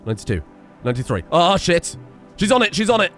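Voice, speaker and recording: A man giving casual gameplay commentary, excitable and often laughing, talking to the characters on screen. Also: high-pitched, fast, soft background music. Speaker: gaming video creator.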